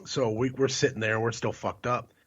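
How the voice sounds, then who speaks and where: A man's voice: medium pitch, flat delivery, normal speed, slightly rough, lo-fi sound. A man from Ohio co-hosting a podcast, telling rambling, profane stories and laughing through them. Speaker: podcast co-host. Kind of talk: crude casual storytelling.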